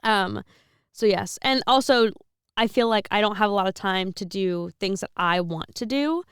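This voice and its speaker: A woman's voice: mid-range voice, moderate pace, a bit bright, clear, resonant tone, no room sound, clean studio sound. A woman in her twenties, a seminarian co-hosting a podcast, chatting casually with frequent laughs and rambling restarts. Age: 20s.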